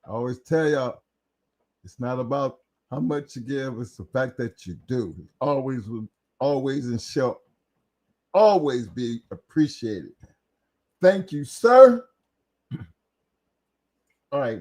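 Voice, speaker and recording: A man hosting a livestream, moderating guests and calling out loud, hyped shout-outs to viewers. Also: medium pitch, very animated, slow, pauses often. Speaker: livestream host.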